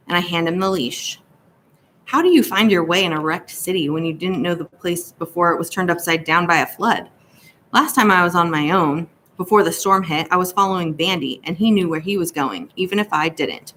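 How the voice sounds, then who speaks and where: A woman narrates a novel in a steady, even storytelling manner. Her voice sits on the lower side for a woman, with a faint hiss behind it. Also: a little fast. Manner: steady storytelling in a first-person boy's voice. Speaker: audiobook narrator. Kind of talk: scripted narration.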